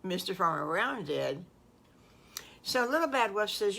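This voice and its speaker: Older woman, grandmother storyteller, folksy, repetitive, meandering, bright tone. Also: medium pitch, very animated, a little slow, vocal fry. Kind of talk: improvised children's storytelling.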